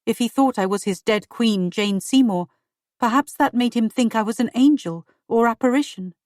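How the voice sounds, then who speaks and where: A woman reading a first-person audiobook in slow, measured storytelling narration. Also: a little high, a little mellow, dry recording, clean studio sound.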